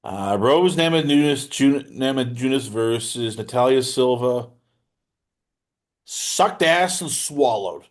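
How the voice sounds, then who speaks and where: A male podcast host in casual chat, animated and teasing. He jokes with his guest, and his voice jumps high and loud, then drops low. His pitch sits in the middle range for a man. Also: slow. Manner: animated, jokey, teasing, swings in pitch and loudness.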